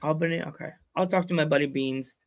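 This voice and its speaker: Podcast host, male, gravelly and a touch high, loose rambling banter. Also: steady tone, fast talker. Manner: rambling, jokey storytelling. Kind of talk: casual chat.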